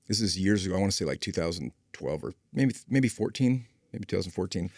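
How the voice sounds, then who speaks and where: Deep-voiced man telling a wry story. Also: fast talker, dry recording, studio quality. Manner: relaxed, wry anecdote-telling. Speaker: podcast host. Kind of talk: casual conversational storytelling.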